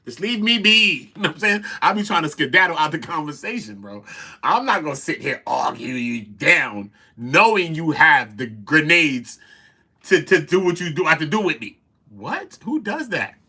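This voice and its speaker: A man hosting a casual commentary show, talking in an animated, profane and incredulous way. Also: fairly high pitch, moderate pace, husky. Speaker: commentary host.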